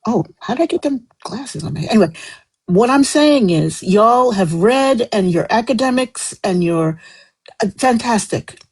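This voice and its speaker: A woman's voice: a little high, animated, moderate pace, darkish tone, husky, rough recording. A woman speaking passionately in a live stream debate, her voice climbing as she gets heated and then apologizing.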